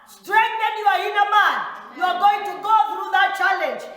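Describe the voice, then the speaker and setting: Kenyan woman pastor preaching loud, super high voice, big echoey hall. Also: normal speed. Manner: preaching with call-and-response, often shouting. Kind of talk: sermon. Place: large hall.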